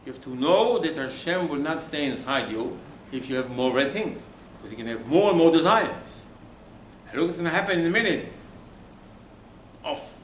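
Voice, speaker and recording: Male rabbi, sermon, fairly high voice, rhetorical questions, echoey room, faint background noise. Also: expressive, moderate pace, pauses often, a bit bright. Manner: emphatic, with rhetorical questions and sudden drops to near-whisper. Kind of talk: Torah sermon.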